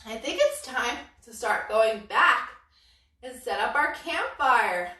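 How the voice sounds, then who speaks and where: A woman runs a story-led kids' yoga class, her slightly high voice expressive, pushed and bright as she takes things slowly. The sound is echoey and distant-miked, and her delivery is playful and sing-song with lots of cheerful exclamations.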